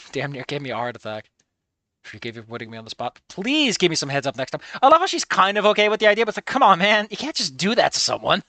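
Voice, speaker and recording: A streamer giving animated, swear-filled commentary while playing through a story game. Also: medium pitch, quick pace, dry recording. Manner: animated, swearing, laughing often.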